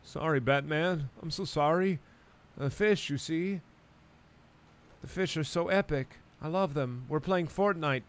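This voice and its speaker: A man putting on a goofy, eager, high-pitched voice for a fish-loving male superhero. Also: a little slow, close to an everyday voice.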